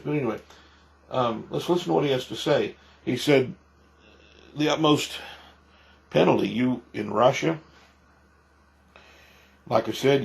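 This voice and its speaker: Gravelly-voiced preaching pastor. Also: male voice, medium pitch. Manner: emphatic, repeats himself, rhetorical questions. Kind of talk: preaching commentary.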